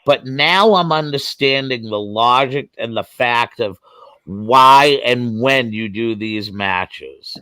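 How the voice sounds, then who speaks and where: A man's voice: mid-range voice, slow, bright, forceful tone, no echo. A man hosting a casual wrestling podcast over a video call, laughing often and swearing freely. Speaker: podcast host.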